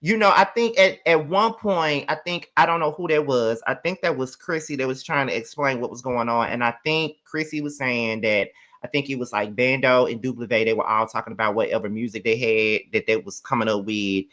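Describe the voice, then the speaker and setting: Sassy, forceful man ranting a recap. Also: mid-range voice, brisk, hardly any pauses. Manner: animated, profane, sassy ranting. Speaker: host. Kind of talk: casual reality show recap commentary.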